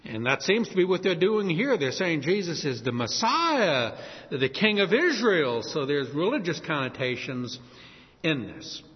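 A man from New Orleans with a New Orleans accent preaching a sermon as pastor, telling stories in a lively way and acting out shouted quotes. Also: a little high, measured pace. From New Orleans, USA. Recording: muffled sound with long hall reverb.

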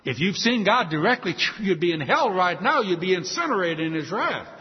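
A man preaching a sermon, animated and acting out quoted voices. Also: sits high, normal speed. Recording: muffled hall with long reverb.

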